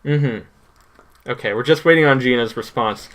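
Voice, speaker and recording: A man co-hosting a casual podcast with his sibling, speaking in a crisply enunciated, narrator-like voice into a shared microphone. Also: medium pitch, moderate pace, a bit bright. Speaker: podcast co-host. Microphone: one microphone shared with a sibling.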